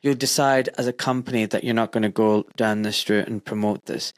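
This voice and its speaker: The man here, a doctor who hosts a podcast, has a fairly low voice and a brisk delivery. He spins casual, animated stories thick with fillers, recorded without any room sound.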